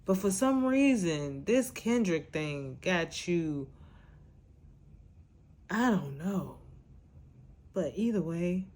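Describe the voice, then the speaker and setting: A woman's voice: on the low side, expressive, slow pace, long pauses, a little mellow, slight background noise. A woman hosting a podcast, scolding her subject in a blunt, exasperated rant. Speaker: podcast host. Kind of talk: casual reaction rant.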